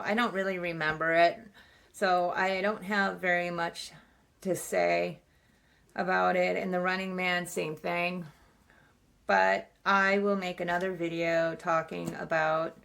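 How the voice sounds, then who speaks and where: Rambling, gravelly-voiced woman vlogger. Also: fairly low pitch, a bit bright. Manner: rambling, swears freely, says "like" a lot. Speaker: book vlogger. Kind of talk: casual book review chat.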